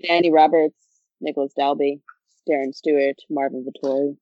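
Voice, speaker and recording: Young woman, laid-back joking co-host, lowish voice, dry dull lo-fi sound. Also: fairly even intonation, normal speed, dry recording. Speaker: podcast co-host. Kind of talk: casual chat.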